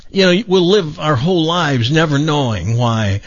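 A man's voice: a little high, expressive, normal speed, no echo, dull audio. A male radio talk show host chatting on air in a reflective, rambling way, full of restarts. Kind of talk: casual on-air chat.

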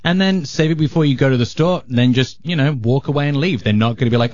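A man's voice: medium pitch, fast talker, darkish tone, dry recording, lo-fi sound. A man on a talk radio show, giving wry, laid-back advice. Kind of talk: casual talk radio banter.

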